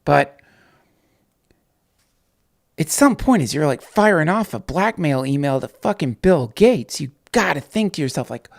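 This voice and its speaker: A man hosting a casual night livestream, rambling, swearing and talking excitedly to his viewers. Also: a little high, a little slow, vocal fry, pauses often. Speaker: podcast host on a night livestream.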